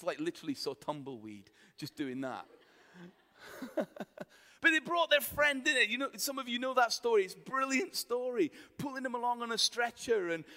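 A man preaching a sermon, telling the story in a lively, colloquial way and acting out the voices of the people in it. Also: high voice. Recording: long reverb of a hall.

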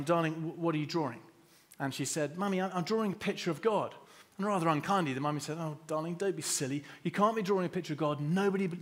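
A man giving a conversational church sermon, acting out quotes and often restarting words. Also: on the high side. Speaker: preacher.

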